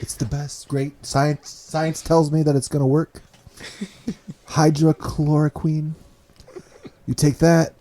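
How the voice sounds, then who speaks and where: A man putting on a brash, boastful older male politician voice, pitched up and bragging. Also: level tone, slow, pauses often, dark tone.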